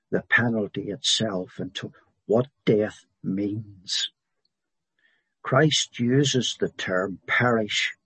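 A man preaching a sermon in a slow, emphatic way, repeating phrases for stress. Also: fairly low pitch, a bit bright, breathy edge, no echo.

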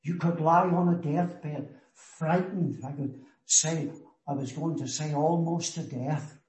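A man preaching a sermon in a slow, earnest way, with emphatic rises on key words. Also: fairly high pitch, darkish tone. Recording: echoey room.

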